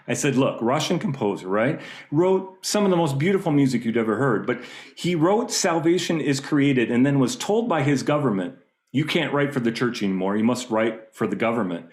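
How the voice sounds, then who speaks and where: A fired-up man telling a story on a panel, animated as he speaks as a music teacher. His mid-pitched voice carries a roomy echo over a video call. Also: normal speed.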